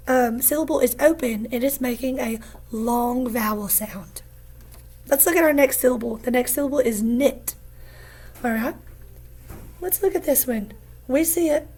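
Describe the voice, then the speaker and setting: A woman teacher giving a phonics lesson, patient and encouraging, repeating each word slowly for young students. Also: high voice, a little mellow, slightly rough. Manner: slow, patient, encouraging, repeats words aloud.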